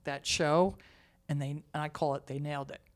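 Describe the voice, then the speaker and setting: A woman who writes and directs theatre, telling stories in a casual interview, emotional and expressive, sometimes dropping almost to a whisper. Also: sits low, moderate pace.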